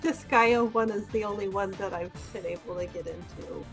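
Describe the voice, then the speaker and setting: A woman's voice: medium pitch, moderate pace, fairly bright tone, soft background music. A woman co-hosting a game stream, chatting casually and laughing often. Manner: giggly, chatty. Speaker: stream co-host. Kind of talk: casual gaming chat.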